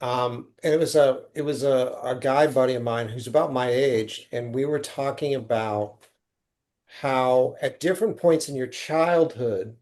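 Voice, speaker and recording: A man's voice: medium pitch, a little mellow. A man from the United States, a filmmaker guest on a podcast, thinking aloud in casual conversation and building ideas through rhetorical questions.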